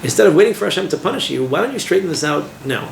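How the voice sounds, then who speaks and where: A man, a rabbi, teaching an informal class in a lively way, asking his listeners questions and using Hebrew terms. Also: sits high, rapid-fire, creaky. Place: classroom with a small group. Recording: echoey room with background noise.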